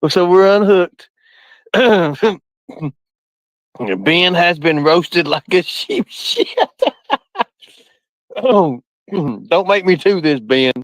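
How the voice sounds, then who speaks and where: Laughing nonstop and swearing freely, this man chats casually on a live stream. His high, expressive voice draws out words and leaves long pauses; there is no echo, and the recording sounds dull, lo-fi and dry.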